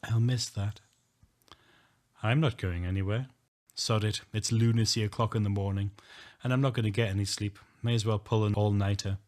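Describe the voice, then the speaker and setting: A man's voice: on the low side, fairly even intonation, normal speed. Man, audiobook narrator, earnest first-person telling. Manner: earnest, emotional, rising to shouting.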